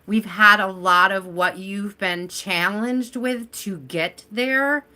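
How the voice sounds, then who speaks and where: A woman's voice: medium pitch, takes it slowly, pushed and bright. A woman hosting a live tarot reading stream, chatting casually and addressing viewers by name as she reads.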